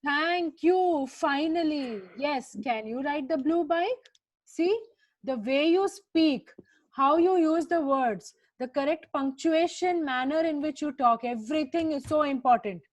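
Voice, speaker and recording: A woman with a high voice and an Indian English accent teaches English grammar to children over a video call. She presses them along briskly and repeats her prompts again and again.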